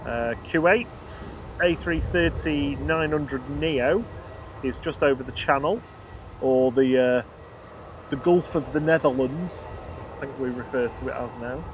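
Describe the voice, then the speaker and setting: A man's voice: medium pitch, a little slow. A man casually commentating on planes as co-host of a live plane-spotting stream, chatty and laughing often. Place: outdoors by an airport. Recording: outdoor noise behind, aircraft and traffic.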